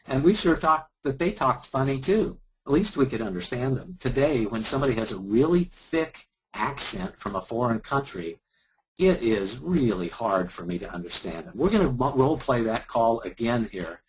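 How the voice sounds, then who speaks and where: A man from Kansas leading a customer service lesson, talking calmly and courteously while he role-plays a helpful support agent. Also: mid-range voice, moderate pace, rough recording. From Kansas, USA. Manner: calm, apologetic and courteous. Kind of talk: instructional talk with role-play.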